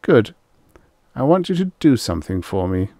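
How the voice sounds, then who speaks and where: A man's voice: medium pitch, very animated, moderate pace, gravelly, warm tone, no echo, studio quality, voice pushed up. A man voicing a cruel male expedition leader who speaks with mocking geniality.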